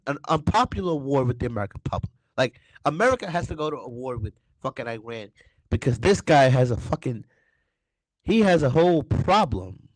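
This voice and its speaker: A man's voice: fairly high pitch, darkish tone, no room sound. A young man hosting a political talk show, ranting heatedly with constant swearing and stammered restarts. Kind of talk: heated profane political rant.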